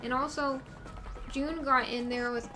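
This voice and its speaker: A woman's voice: sits high, steady tone, a little slow, pushed and bright, faint music behind. A woman streaming a game live, chatting and laughing while reading the game text aloud.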